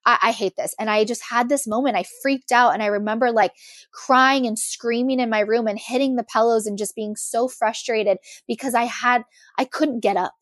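A woman's voice: a little high, moderate pace, no room sound, clean studio sound. Emotional young woman telling her story. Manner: emotional, animated retelling. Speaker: guest. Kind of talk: personal storytelling interview.

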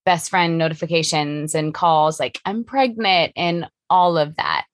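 Low-voiced woman host, dry sound. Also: unhurried, dry recording. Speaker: podcast host. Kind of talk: interview questions.

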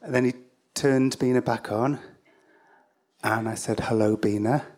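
A man's voice: medium pitch, fairly even intonation, measured pace, a little mellow. A man with an English accent telling a personal story live, in a wry, rambling way full of asides and fillers.

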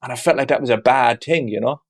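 A man's voice: mid-range voice, quick pace. A man speaking as a father in an interview, reflective and open, talking candidly with frequent "you know" asides. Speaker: guest; father of two.

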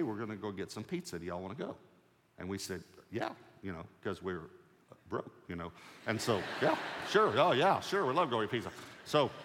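A man's voice: fairly low pitch, slight background noise. A man preaching a sermon as a pastor, telling a personal story in a conversational, humorous way. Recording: long reverb of a large hall.

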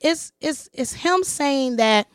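Speaking slowly in a high-pitched voice, this podcast host chats casually through a personal story, animatedly performing what other people said. The sound is clean studio audio with no room sound.

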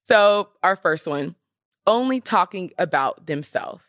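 Young woman podcast host, fairly low voice, dry close sound, sassy and emphatic chat. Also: a little slow, dry recording. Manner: animated, emphatic, sassy asides. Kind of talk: casual chat.

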